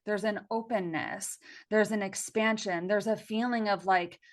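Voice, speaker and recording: Woman, podcast guest, casual and expressive, thoughtful delivery with lots of fillers. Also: medium pitch, unhurried. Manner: expressive, reflective, many filler likes. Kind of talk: casual conversational interview.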